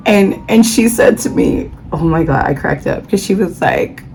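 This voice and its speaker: A young adult woman telling a casual travel story in a chatty, animated way, full of slang and dramatic asides. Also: lowish voice, normal speed, vocal fry, a little hiss or hum, poor audio. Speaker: vlogger.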